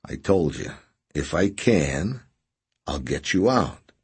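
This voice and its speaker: A man's voice: low-pitched, lively intonation, slow, slightly rough, exaggerated voice. A man playing a grim, guarded man who speaks in curt, terse lines.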